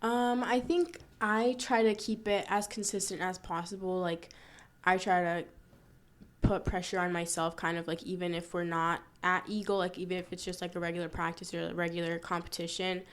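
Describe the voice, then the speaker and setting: A woman's voice: lowish voice, flat delivery, moderate pace. A young woman from Florida, a student-athlete guest chatting casually in an interview, with frequent "like" fillers. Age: young adult.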